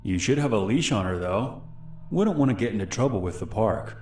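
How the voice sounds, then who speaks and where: A man's voice: fairly low pitch, expressive, a little fast, darkish tone, roomy sound, a little hiss or hum, natural voice. A man voicing a falsely friendly stranger in his twenties who turns cold and menacing.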